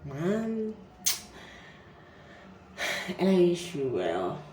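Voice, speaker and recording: Low-voiced Kenyan woman telling a story. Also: extremely slow, slight background noise. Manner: animated, repeats words and stammers when nervous. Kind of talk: casual storytime vlog. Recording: echoey room with faint ambience.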